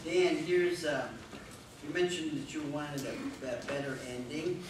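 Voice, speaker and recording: A man of middling pitch offers feedback on a speech, pausing as he searches for words. He is recorded from across a very echoey room with steady noise behind. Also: far from the mic. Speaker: speech evaluator. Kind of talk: spoken feedback.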